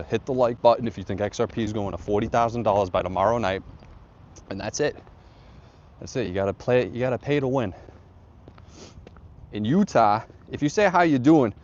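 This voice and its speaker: A man's voice: fairly low pitch, darkish tone, muffled recording. A man hosting a casual livestream while hiking a snowy trail outdoors, bantering loosely and swearing as he reads chat aloud. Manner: loose, profane, joking banter with viewers. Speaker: livestream host reading chat. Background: wind.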